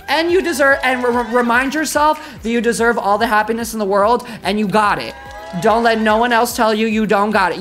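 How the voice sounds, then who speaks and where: A woman streamer with a fairly high voice signs off her stream in a warm, rambling, gushing way, heavy on slang and fillers. Her voice is starting to wear a little hoarse. Soft music plays faintly behind her. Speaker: livestreamer. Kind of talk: casual end-of-stream chat.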